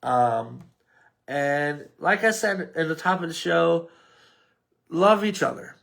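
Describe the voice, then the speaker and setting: A man's voice: fairly high pitch, slow, vocal fry, a bit bright. A man with a New York accent hosting a casual solo sports podcast, rambling and mumbling at times. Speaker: podcast host.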